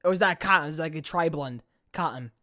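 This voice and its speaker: A woman chatting casually on a stream, swearing freely and firing off questions. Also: deep voice. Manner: profane, animated, rapid-fire questions. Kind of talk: casual chat.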